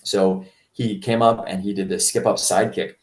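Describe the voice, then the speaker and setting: A man, a martial arts instructor, telling a story in a casual interview, rambling with restarts and jumping much higher when he quotes people. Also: steady tone, normal speed, recorded from a distance. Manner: rambling with many restarts and fillers; acts out quoted voices in a much higher pitch.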